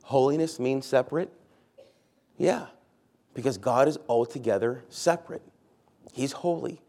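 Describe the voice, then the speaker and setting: A man's voice: mid-range voice, unhurried, dark tone. A man, a pastor, preaching a sermon in a church, stressing key words by repeating them and putting questions to the congregation.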